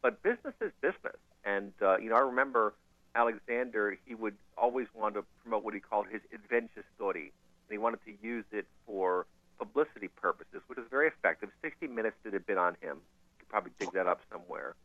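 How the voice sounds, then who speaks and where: A man hosting a podcast, giving animated, opinionated commentary and laughing often. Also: on the low side, fast talker, no room sound. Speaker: podcast host. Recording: tinny phone-like line.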